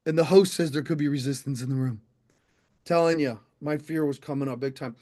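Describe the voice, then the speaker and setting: High-voiced middle-aged man giving a keynote. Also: brisk. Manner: animated, addresses the audience directly. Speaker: motivational speaker. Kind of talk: storytelling keynote to a live audience. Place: stage before a live audience.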